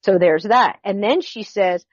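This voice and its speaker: Guesting on a podcast, a middle-aged woman animatedly recounts a personal story, performing the quoted lines herself. She speaks a little slowly in a mid-range voice, with no echo, though the lo-fi recording sounds dull.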